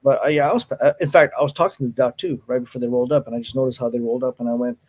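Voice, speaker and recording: A man's voice: mid-range voice, quick pace, few pauses, a little mellow. A man who teaches martial arts, telling stories in casual chat, swearing freely, laughing often and acting out what people said. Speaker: martial arts instructor, podcast guest.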